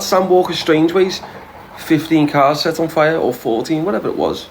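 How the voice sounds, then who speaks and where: A man's voice: a little high, moderate pace, gravelly, low-quality recording. A man with a Liverpool accent telling a brash, boastful story, swearing freely and rambling with restarts. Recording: steady background noise.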